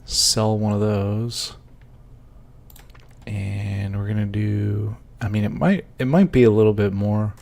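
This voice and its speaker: A man's voice: fairly low pitch, creaky. A man thinking aloud as he works out prices at his computer, muttering numbers, with hiccups. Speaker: Minecraft server admin. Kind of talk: casual working commentary. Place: indoors at a computer.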